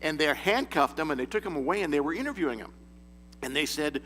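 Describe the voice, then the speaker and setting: A man's voice: on the high side, expressive, fast talker, a bit bright. Chuckling man preaching in an echoey hall. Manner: folksy storyteller, chuckles and restarts often. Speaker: speaker at a men's group. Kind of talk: informal sermon to a men's breakfast. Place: church meeting room. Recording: echoey hall with faint hum.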